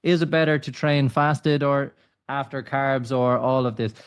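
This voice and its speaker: A man's voice: medium pitch, fairly even intonation, unhurried, smooth. Podcast host guy, teasing and asking about diet stuff. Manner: laughs along, teasing. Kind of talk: interview questions.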